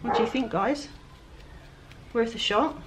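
A woman's voice: on the high side, measured pace, background noise. A woman with a Welsh accent chatting casually and self-deprecatingly to viewers while she paints furniture outdoors. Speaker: furniture flipper. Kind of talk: casual DIY vlog narration. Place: outdoor work area with flies.

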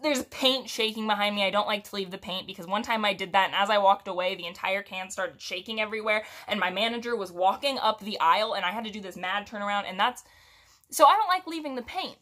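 Young woman, casual storytime, chatty, rambling, giggly, mid pitch. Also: fast, bright, forceful tone. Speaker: storytime vlogger.

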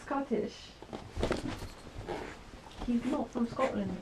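A woman's voice: on the high side, drawn-out words. A woman, a mother vlogging her family at home and out, playful and teasing, often laughing. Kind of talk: casual family vlog. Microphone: handheld camera. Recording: noisy home camera audio.

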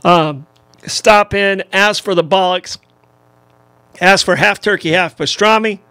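Brief: gravelly male co-host, slightly high voice, chatty sponsor reads. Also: slow, sharp tone, no room sound. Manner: chatty, restarts and laughs between reads. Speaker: podcast co-host. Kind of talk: casual chat and sponsor reads.

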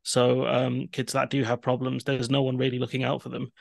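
A man, a podcast co-host, speaking in a measured and hesitant way with many ums in a casual political discussion. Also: mid-range voice, monotone, gravelly, dry recording, clean studio sound.

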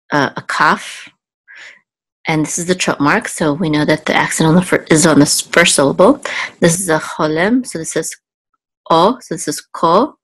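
Patient female language teacher, low voice, dry close sound, sounds out syllables slowly. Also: fairly bright tone, husky, no echo. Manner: patient, spells out sounds slowly, thinks aloud with ums. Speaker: Hebrew teacher. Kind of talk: casual step-by-step lesson.

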